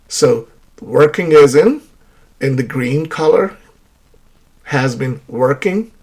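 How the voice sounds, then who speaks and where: A man teaching an English grammar lesson, explaining with many example sentences and checking in with "right?". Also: mid-range voice.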